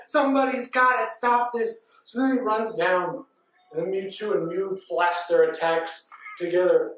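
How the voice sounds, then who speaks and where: Brief: man, 30s, breathless run-on panel storyteller, distant mic in a boomy event room. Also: slight background noise. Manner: breathless, run-on storytelling with frequent ands and laughs. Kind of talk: rambling comic recap. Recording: echoey hall from far off.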